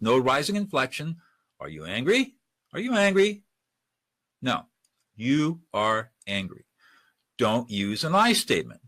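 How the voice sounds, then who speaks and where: Casting: male webinar trainer, bright forceful voice, conversational, dry close-mic sound. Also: medium pitch, dry recording. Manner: conversational, demonstrates lines by acting them out. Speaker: de-escalation trainer. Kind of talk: webinar lecture.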